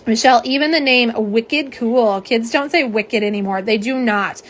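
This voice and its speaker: A woman's voice: fairly high pitch, moderate pace. A middle-aged woman hosting a casual livestream, chatting with viewers and reading their comments aloud in a bubbly way. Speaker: nail polish livestream host. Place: home setup for live streaming. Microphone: phone camera on a live stream.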